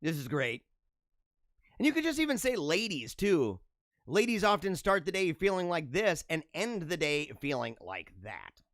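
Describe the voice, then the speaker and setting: A man's voice: on the high side, very animated, normal speed, fairly bright tone, no room sound, studio quality. A man in his forties hosting a casual solo show, reacting to memes with jokey, chuckling asides. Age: 40s. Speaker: podcast host.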